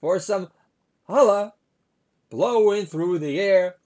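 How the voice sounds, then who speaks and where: A man doing a high, brash ex-president impression. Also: takes it slowly. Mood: mocking impression. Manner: high, loud and exaggerated. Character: impression of a laid-back former male president.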